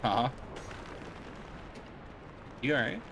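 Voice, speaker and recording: A man's voice: mid-range voice, lively intonation, extremely slow, vocal fry, background noise. A man chatting casually while streaming a game, rambling and joking with lots of filler words. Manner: rambling, jokey, filler-heavy. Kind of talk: casual chat while gaming.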